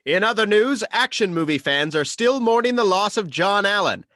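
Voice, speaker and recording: A man's voice: high voice, animated, normal speed, sharp tone, dry recording, studio quality, pitched above the performer's own voice. A man putting on the voice of a formal TV news anchor in a table read. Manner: announcer delivery.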